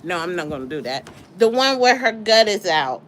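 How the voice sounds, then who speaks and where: A woman's voice: sing-song, normal speed, a bit bright, a little hiss or hum, poor audio. A woman hosting a casual livestream from home, chatty and incredulous, with dogs nearby. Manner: chatty, incredulous, talks to her dogs in a high baby voice. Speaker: livestream host.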